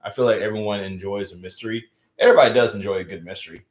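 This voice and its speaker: Young man, livestream host, casual rambling chat, restarts and fillers, lowish voice, roomy echo. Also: very fast. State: feeling unwell. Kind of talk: casual live-stream chat.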